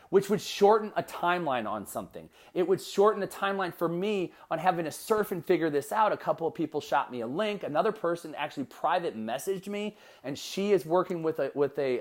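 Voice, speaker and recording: A man hosting his own podcast, talking solo in an energetic, conversational way with quick asides and restarts. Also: a little high. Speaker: podcast host. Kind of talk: solo motivational podcast talk.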